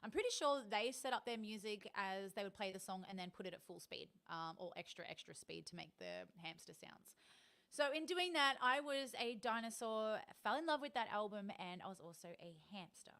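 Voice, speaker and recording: A woman's voice: medium pitch, animated, normal speed, fairly bright tone. Rambling Australian woman chatting on stream. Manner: chatty and rambling, many ums, laughs often. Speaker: live streamer. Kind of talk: rambling casual live-stream chat.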